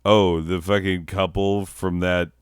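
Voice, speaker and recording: Deep-voiced, slow, crude rambling man. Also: level tone, smooth, dry recording, clean studio sound. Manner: crude, rambling, laughs at own jokes, slips into silly voices. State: recovering from nausea. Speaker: comedy podcaster. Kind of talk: casual rambling comedic monologue.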